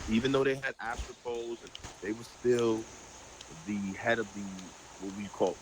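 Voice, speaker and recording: A man hosting a casual group Bible study, talking in an animated way with everyday parallels. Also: fairly low pitch, noisy background. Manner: animated, draws everyday parallels, many fillers.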